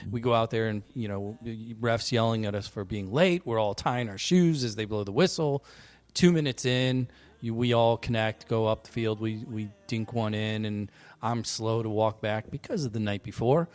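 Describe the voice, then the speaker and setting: A man hosting a podcast, chatting casually and telling lively stories with frequent laughs. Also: mid-range voice. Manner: animated storyteller, laughs often. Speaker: podcast host. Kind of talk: casual chat.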